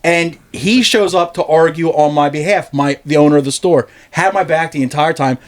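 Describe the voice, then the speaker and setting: A man's voice: on the high side, moderate pace. A man telling a long story in casual podcast chat, loose and profane, laughing often as he goes.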